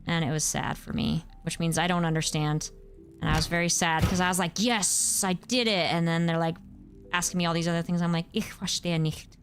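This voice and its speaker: A woman's voice: lowish voice, a bit bright. A young woman chatting casually on a gameplay stream, rambling and answering her chat, with faint music behind her.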